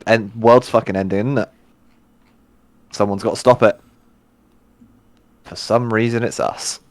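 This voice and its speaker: A man's voice: on the low side, fairly even intonation, a little slow, no echo. A man playing in a tabletop game, chatting casually with a wry, joking manner. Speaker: player.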